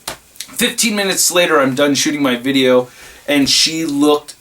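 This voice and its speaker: A man who reviews toys online, excitedly telling a rambling story in a casual vlog. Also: a little high, measured pace. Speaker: toy reviewer and YouTuber.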